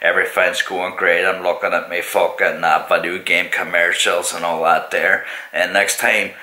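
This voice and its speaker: A man with a Northern Irish accent giving a sweary, mocking comedic vlog rant that jumps into shrill outbursts. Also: flat delivery, normal speed, sharp tone. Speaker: comedy YouTuber. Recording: roomy echo.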